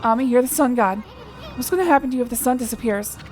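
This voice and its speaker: A woman voicing a tiny, brash male wandering artist sprite who talks quick and teasing, with game music behind. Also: a little high, lightly acted. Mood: urgent.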